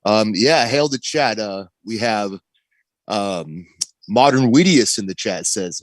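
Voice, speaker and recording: A man's voice: on the low side, expressive, unhurried, dry recording. A man co-hosting a casual livestream, talking loosely with many fillers. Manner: laid-back, filler-heavy talk. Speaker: co-host.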